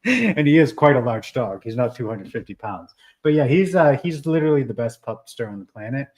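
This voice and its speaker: Animated man hosting a live stream. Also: mid-range voice, a little fast, rough recording. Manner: animated, filler-heavy, restarts often. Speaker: livestream host. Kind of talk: casual live-stream chat.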